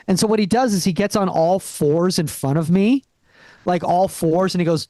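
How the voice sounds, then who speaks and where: Young male stand-up comic, high voice, dry close sound, rambling, restarts a lot. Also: fairly even intonation, normal speed, darkish tone, dry recording. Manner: rambling, many restarts and acted-out quotes. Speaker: stand-up comedian. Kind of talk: stand-up set. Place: comedy club stage.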